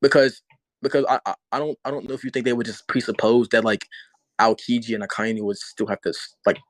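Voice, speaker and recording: A man's voice: mid-range voice, fairly even intonation, quick pace, no echo, low-quality recording. A man debating casually, hesitant, with many restarts and fillers.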